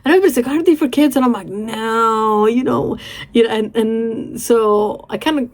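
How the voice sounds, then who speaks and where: A woman's voice: a little high, moderate pace. A young woman gushing and giggling through a casual reaction chat, rambling with lots of "like". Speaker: reaction video host.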